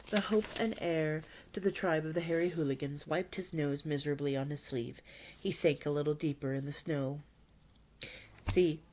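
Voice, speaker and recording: A woman presenting a book talk, retelling the story in an expressive, dramatic read-aloud manner with sudden whispers. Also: sits low.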